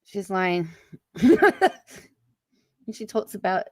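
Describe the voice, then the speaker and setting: A woman's voice: medium pitch, a little slow, dry recording. A woman hosting a live commentary stream, chatty and incredulous, reacting to clips and answering viewers. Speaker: commentary channel host.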